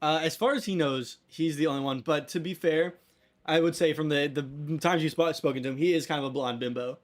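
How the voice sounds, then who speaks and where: A man's voice: on the high side, brisk. A young man running a tabletop game as game master, casual and joking, often breaking into laughs.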